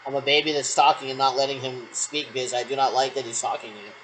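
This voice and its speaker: A man's voice: mid-range voice, flat delivery, quick pace, a bit bright, poor audio. Rambling man with a hissy mic. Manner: rambling, repeats "actually" often. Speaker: vlogger doing pretend radio checks. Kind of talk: solo role-play talking to imagined callers.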